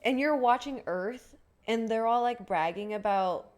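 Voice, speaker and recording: A woman's voice: mid-range voice, moderate pace, darkish tone, slight background noise. Rambling, swearing woman streamer. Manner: rambling, swearing, laughs often. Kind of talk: casual livestream chat.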